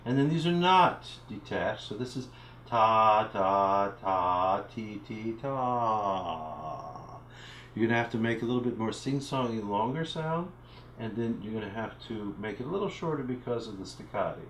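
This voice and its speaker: A man's voice: medium pitch, expressive, brisk, echoey room, a little hiss or hum, poor audio. A man teaching a recorded music literacy lesson from home, explaining symbols and chanting rhythm syllables as he counts. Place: home room.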